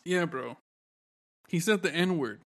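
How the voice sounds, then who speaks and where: A man's voice: a little high, expressive, takes it slowly, a bit bright. A man co-hosting a casual podcast, reacting with profane mock outrage to his friends' stories. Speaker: podcast co-host. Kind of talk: casual chat.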